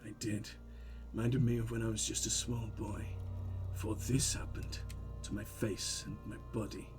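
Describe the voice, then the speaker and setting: A wistful corpse from a video game murmurs in a deep, breathy half-whisper, soft and far quieter than everyday talk, as a man puts him on. Faint music sits behind him. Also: little pitch movement, moderate pace, lightly acted. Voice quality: low hushed breathy voice.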